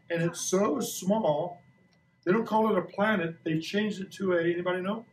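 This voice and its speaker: Man, 60s, playful classroom science teacher; slightly high voice, roomy distant classroom sound. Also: moderate pace, slight background noise. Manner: playful, joking, asks kids questions. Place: school classroom. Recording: echoey classroom recorded from a distance.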